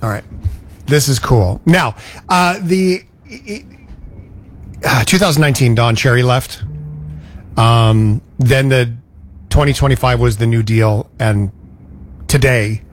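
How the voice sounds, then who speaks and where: A man's voice: mid-range voice, slow, pauses often, soft background music. A man co-hosting a podcast, chatty and enthusiastic. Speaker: podcast co-host. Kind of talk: casual chat.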